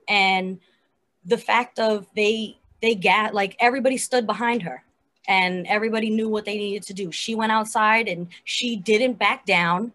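A woman's voice: mid-range voice, fairly even intonation, normal speed, fairly bright tone. A woman co-hosting a podcast, chatting animatedly about a TV episode with lots of fillers. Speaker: podcast co-host. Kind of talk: casual chat reviewing a TV episode.

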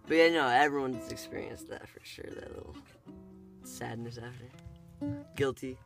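A young man co-hosting a podcast in casual chat, relaxed and drawling, often trailing off quietly. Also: mid-range voice, normal speed, gravelly, faint music behind. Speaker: podcast co-host.

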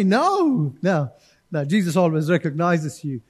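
A pastor with a strikingly high voice preaches to his congregation. He's animated, slipping into quick acted-out voices and then back to speaking directly to them, in a lively, conversational sermon style.

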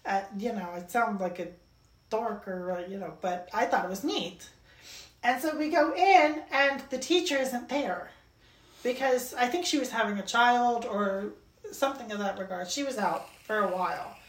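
High-voiced woman in an echoey room. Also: normal speed. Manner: rambling, relaxed, filler-heavy. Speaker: podcast co-host. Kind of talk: casual chat.

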